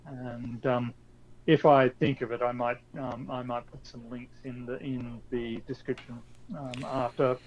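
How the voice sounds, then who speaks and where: A man co-hosting a casual podcast chat, talking in a halting way with many fillers and restarts. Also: medium pitch, flat delivery, darkish tone. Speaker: podcast co-host. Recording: dull lo-fi audio with faint noise.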